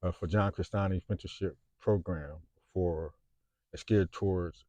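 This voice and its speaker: A man in his fifties with a Chicago accent speaks unhurriedly in a low-pitched, steady, dark voice, recorded with lo-fi sound. As a vlogger, he delivers an unscripted monologue to camera, rambling with frequent fillers and restarts.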